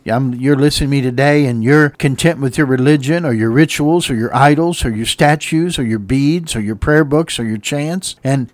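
A fiery male preacher with a slightly high voice, swinging between hushed lines and loud shouts. He slips into sung hymn phrases between points. The sound is close and dry. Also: no room sound. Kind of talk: sermon.

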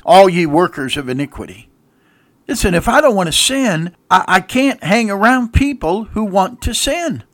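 Male pastor, sermon, fairly high voice, loud-to-soft swings, reads scripture aloud, dry close recording. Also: no echo. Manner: preaches with sweeping swings between loud emphatic peaks and soft low passages; reads scripture aloud in King James wording.

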